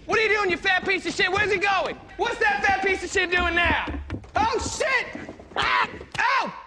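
A man's voice: extremely high pitch, normal speed, over music. A man doing a screeching foul-mouthed president. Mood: panicked. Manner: profane, yelling, repeating himself. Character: crude loudmouth male president heckling at a play.

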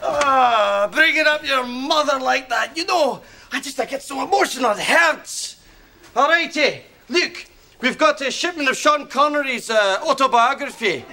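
A man's voice: very high-pitched, expressive, measured pace, slight background noise, exaggerated voice. An actor playing a hot-tempered Scottish shop owner and father in a comedy sketch, blustering between threats and tearful affection, with a Scottish accent. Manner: blustering, shouts threats then gushes affection.

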